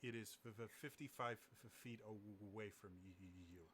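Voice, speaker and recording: A man's voice: fairly low pitch, steady tone, moderate pace, a bit bright, a little hiss or hum. A man narrating as game master, with a heavy stutter that catches on first sounds of words.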